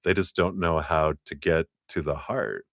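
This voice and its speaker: A man talking through a live tarot reading, animated, with frequent fillers and laughs. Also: a little slow, gravelly, dry recording, studio quality. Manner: animated, acts out quoted voices with big pitch jumps; laughs often, many fillers. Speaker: tarot reader. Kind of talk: live-streamed reading talk.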